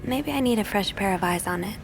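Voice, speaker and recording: Whispering young investigator. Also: female voice, medium pitch, lively intonation, a little fast, vocal fry. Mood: hushed. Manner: hushed, wry, muttering to herself. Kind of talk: whispered role-play. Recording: game audio with music behind.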